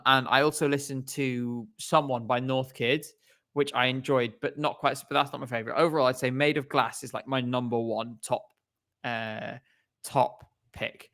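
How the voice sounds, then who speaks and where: A man's voice: medium pitch, fairly bright tone, clear, resonant tone. A man co-hosting a casual podcast chat over a video call, rambling and hesitant with many fillers. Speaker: co-host.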